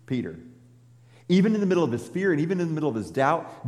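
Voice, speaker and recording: A man preaching a sermon in a conversational, animated way and acting out the scripture he reads. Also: on the high side. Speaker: pastor. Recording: long reverb in a large hall.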